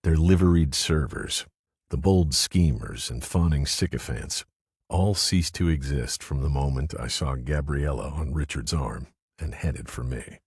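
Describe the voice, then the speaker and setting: A man reading a first-person mystery audiobook in a low, subdued way. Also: measured pace, a little mellow, slightly rough, no room sound, studio quality. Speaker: audiobook narrator. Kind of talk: scripted first-person narration.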